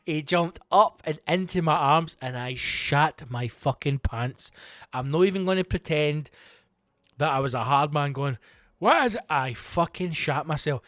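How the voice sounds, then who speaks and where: A man, a comedian hosting his own show, telling a story in a profane, animated, self-mocking way and acting out the quotes. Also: fairly high pitch, a little slow, no echo, clean studio sound. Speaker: comedian host. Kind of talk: comic storytelling monologue.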